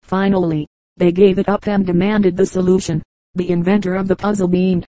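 A lowish-voiced woman serves as audiobook reader for a set of humorous anecdotes, narrating in an even, measured way. The audio has no room sound but is low in quality.

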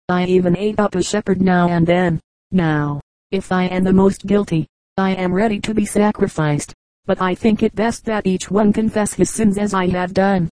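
A woman's voice: lowish voice, warm tone, no room sound, lightly acted, rough recording. A woman reading the part of a proud male lion king, solemn and speechifying, in a storybook fable.

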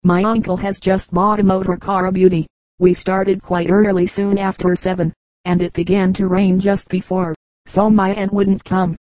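A woman's voice: medium pitch, little pitch movement, normal speed, darkish tone, dry recording, natural voice, poor audio. A woman reading the lines of a polite, eager young girl who speaks in an earnest, well-spoken way.

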